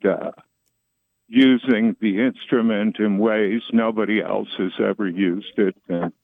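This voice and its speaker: A man in his sixties speaks slowly and easily, with a low, gravelly voice. His stories come out unhurried. The audio is tinny, like a phone line, and dry. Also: steady tone. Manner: slow, easygoing storytelling. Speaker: guest musician. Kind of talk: casual interview chat.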